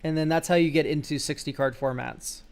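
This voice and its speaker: A man's voice: a little high, fairly even intonation, a little fast, creaky. A young man streaming live, chatting loosely and jokingly as he reviews card game decks, swearing now and then and tossing out goofy exclamations. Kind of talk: casual live-stream chat.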